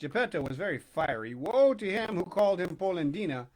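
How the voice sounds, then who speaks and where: A man reading a children's storybook aloud, expressive and dramatic, with hushed pauses. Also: high-pitched. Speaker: narrator.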